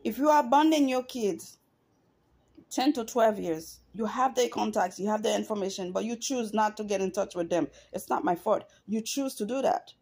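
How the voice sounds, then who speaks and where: A woman's voice: medium pitch, normal speed, a little mellow, slightly rough. A middle-aged woman talking straight to camera in an emotional, earnest personal monologue, repeating herself for emphasis. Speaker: vlogger.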